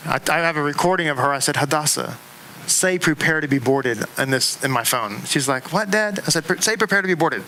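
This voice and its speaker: A middle-aged man lectures a class in a synagogue room, his voice high and bright. He talks in an animated way, doubling back on words and tossing asides and jokes to the listeners. A faint hum of the room sits behind him. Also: brisk, poor audio. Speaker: rabbi teaching a class.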